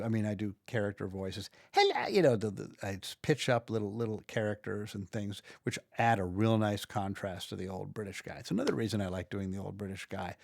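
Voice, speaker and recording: With a lowish, darkish voice and some vocal fry, an American audiobook narrator and video creator talks through his computer work in a loose screen-recording walkthrough. He rambles, thinks aloud and restarts sentences, and the studio-quality recording is dry.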